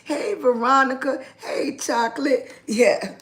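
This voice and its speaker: A woman's voice: high voice, slow, a bit bright. A woman hosting a casual livestream, greeting viewers by name and speaking upbeat, affirming words of encouragement. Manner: motivational, speaks positive affirmations. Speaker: lifestyle blogger hosting a livestream. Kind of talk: casual live-stream chat.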